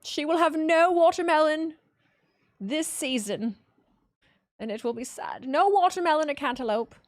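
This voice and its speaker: Brief: woman doing a mock prophet of doom, grandly solemn, high and loud, slow, dry sound. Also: lively intonation, no room sound. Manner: booming, solemn, old-fashioned scriptural phrasing. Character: grandiose doom-preaching prophet foretelling plagues.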